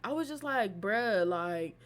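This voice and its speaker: A woman's voice: mid-range voice, lively intonation, takes it slowly. A woman casually telling a personal story on her vlog, loose and profane, with plenty of fillers. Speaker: storytime vlogger.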